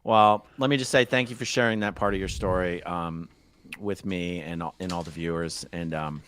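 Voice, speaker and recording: A man with a fairly low voice hosts a livestream interview. He is polite and encouraging, thanking his guest and pointing viewers onward. The sound is dry and close. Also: fairly even intonation, moderate pace, fairly bright tone, clean tone, dry recording. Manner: polite, encouraging, wraps up the show. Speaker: host.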